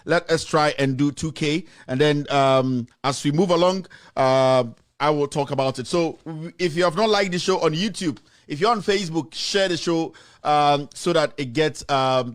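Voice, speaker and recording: A man from Ghana with a Ghanaian accent, hosting a political commentary show with impassioned, indignant ranting and switching between English and Twi. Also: on the high side. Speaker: show host.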